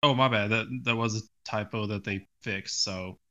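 A man's voice: fairly low pitch, moderate pace, dull audio. A man from the southern US co-hosting a podcast and reading out the questions. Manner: inquisitive, lively questions. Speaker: podcast co-host asking the questions. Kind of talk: casual podcast chat.

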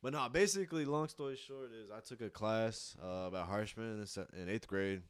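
A young man as a podcast guest, halting and laid-back in casual chat. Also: fairly low pitch, smooth, no room sound.

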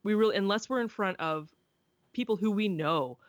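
A woman's voice: medium pitch, moderate pace, dry recording, highs cut off. Woman, casual chat, earnest and outspoken, dry recording. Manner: earnest, opinionated, speaks up for queer visibility.

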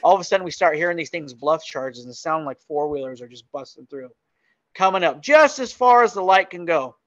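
A man telling a story as a podcast guest in casual, animated chat, often laughing. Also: a little high, brisk, dry recording, dull audio.

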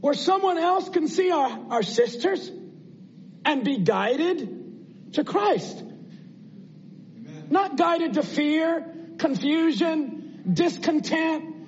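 A man's voice: very high voice, lively intonation, takes it slowly, dull audio, a little hiss or hum. A man preaching a sermon in an earnest, conversational way, asking his listeners rhetorical questions.

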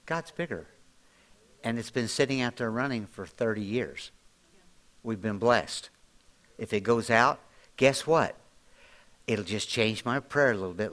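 A man's voice: expressive, takes it slowly, long pauses. Folksy preaching man, swelling voice. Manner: preaching with strong swells of volume and pitch; folksy, plain-spoken, drops into quiet asides. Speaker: pastor. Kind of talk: sermon.

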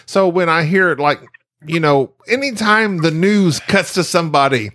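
A man's voice: fairly high pitch, expressive, moderate pace, pushed and bright, no echo, clean studio sound. A man with a southern US accent co-hosting a podcast, joking and bantering in casual chat. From southeastern Oklahoma / northeastern Texas. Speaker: podcast co-host.

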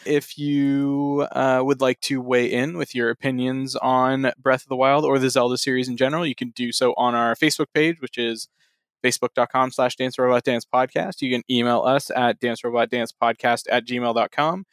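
A young man hosts a podcast in an easygoing way, steering the talk and laughing along. His voice is smooth and clean, recorded dry and close. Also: medium pitch, fairly even intonation, moderate pace, dry recording. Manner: easygoing, laughs often, runs the segments. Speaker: podcast host. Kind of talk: casual podcast chat.

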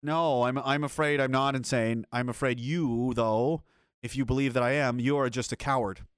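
A man's voice: mid-range voice, steady tone, moderate pace, clean tone, no room sound, clean studio sound. A man hosting a video commentary, ranting in an angry, blunt and profane way. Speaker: commentary host.

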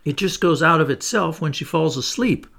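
A man reading a storybook aloud, voicing a cocky, confident young boy who leads the others in a brisk, boastful tone. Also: fairly high pitch, gravelly, a bit bright, pitched above the performer's own voice. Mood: stiff.

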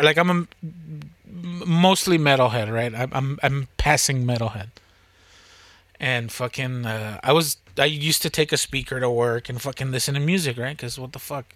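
Bright, rambling, cursing young man. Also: on the high side, no room sound. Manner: rambling, swears a lot, laughs often. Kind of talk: casual chat.

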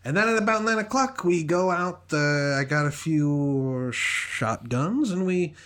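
Dude doing a pushy weird dating contestant lady, cheeky, rambles, kinda high voice. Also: unhurried, fairly bright tone. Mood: rambling. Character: brash woman dating contestant, pushy and odd. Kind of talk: improvised dating-show sketch.

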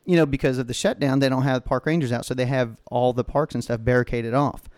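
A man's voice: medium pitch, steady tone, quick pace, darkish tone, no echo, clean studio sound. A man co-hosting a podcast, telling a story in a casual, heavily profane rant. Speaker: podcast co-host. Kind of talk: casual chat.

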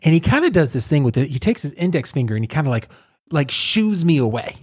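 A male podcast host telling a story in a casual way, animated, laughing and making joking asides. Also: on the high side, quick pace, breathy edge, dry recording, clean studio sound.

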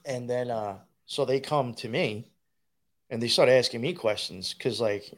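A man's voice: mid-range voice, a little slow. A man telling a rambling, profane story in casual conversation, laughing as he goes. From New York.

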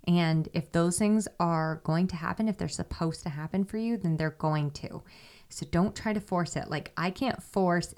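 Woman, solo podcast host, candid and reflective, slightly low voice. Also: a little mellow. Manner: candid, reflective, talks things through with restarts.

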